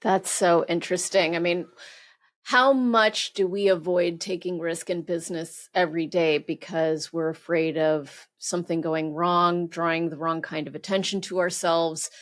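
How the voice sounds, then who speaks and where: A woman's voice: lowish voice, steady tone, moderate pace. A woman hosting an interview, asking questions and reacting with short exclamations. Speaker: interview host. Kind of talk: interview conversation.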